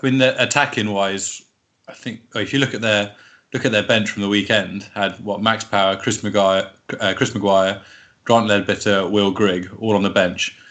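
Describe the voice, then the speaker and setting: A man's voice: lowish voice, level tone, a bit bright. A man in casual football chat, rattling off player names and laughing often. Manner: chatty, laughs often, lists players quickly. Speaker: podcast co-host.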